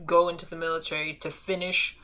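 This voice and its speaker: High, bright-voiced young male caller. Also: level tone, brisk, clear, resonant tone. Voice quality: high light voice often mistaken for a woman's. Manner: nervous, earnest, easily flustered. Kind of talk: casual call-in chat.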